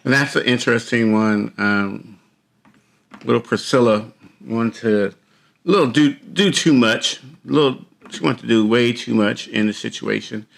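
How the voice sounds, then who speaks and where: A man's voice: medium pitch, steady tone, measured pace, gravelly, slight background noise. A man hosting a podcast, giving casual, rambling reaction commentary with many repeated phrases and fillers. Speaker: podcast host.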